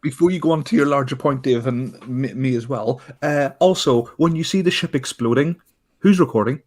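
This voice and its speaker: A man trading combative, teasing banter with his co-hosts in a casual podcast chat. His voice has a husky edge. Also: mid-range voice, moderate pace. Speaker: podcast co-host.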